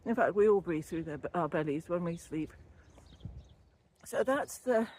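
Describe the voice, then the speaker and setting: Fairly low in pitch, with lively intonation, a slightly slow pace, and a darkish tone, this older woman's voice comes through a built-in camera or phone mic with a little hiss or hum. She's a wellbeing vlogger and former yoga teacher trainee walking along a canal, a bit out of breath. Her casual vlog talk rambles about wellbeing, and she laughs easily.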